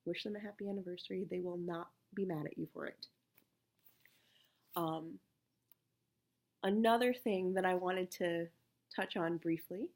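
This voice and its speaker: Woman, 30s, low and creaky, soft-spoken candid vlogger. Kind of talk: casual personal talk to camera.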